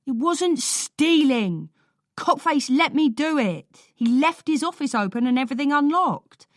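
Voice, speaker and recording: A woman voicing an angry, tearful young boy in an audiobook, shouting and wailing. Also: high voice, expressive, a little slow, no room sound, clean studio sound, pitched above the performer's own voice. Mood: upset. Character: angry tearful boy, defiant older brother. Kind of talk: audiobook character voice.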